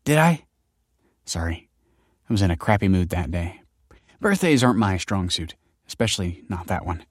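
A man voicing a sharp-tongued young woman. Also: low voice, big pitch swings, normal speed, dry recording, studio quality. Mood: teasing. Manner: sharp, snappy banter. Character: brash, teasing young adult woman.

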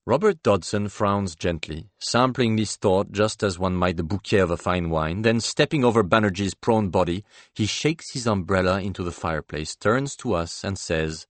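A man narrating a novel in the first person, measured and dryly ironic. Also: deep voice, dry recording. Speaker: audiobook narrator.

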